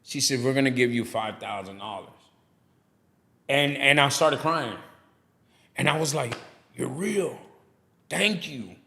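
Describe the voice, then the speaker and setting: A man's voice: mid-range voice, a little slow, pauses often. A middle-aged man, a guest telling stories on a casual podcast and acting out the people he quotes. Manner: animated storyteller who acts out quoted people. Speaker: guest, barbershop owner and pastor.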